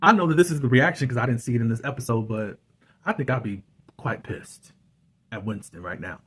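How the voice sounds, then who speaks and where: Hosting a channel that reviews web series, a man chats conversationally about an episode, leaning on many fillers. His husky, mid-range voice moves at a brisk pace.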